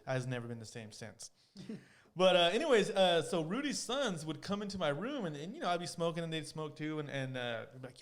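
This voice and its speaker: A man in his thirties from California chats loosely on a podcast, peppering every sentence with swearing and "dude." His voice sits a little high and jumps all over the place, and his quick delivery keeps things rolling. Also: lively intonation. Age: 30s. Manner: laid-back, swears freely, lots of "dude" and "man". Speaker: podcast co-host. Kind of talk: casual chat.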